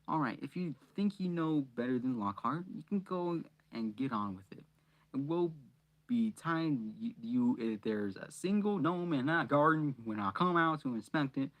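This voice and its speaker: A man's voice: mid-range voice, very animated, fairly quick, slightly rough, pitched above the performer's own voice. A man voicing a fussy middle-aged mother who scolds her sons in a bossy tone while reading a storybook aloud. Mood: scolding.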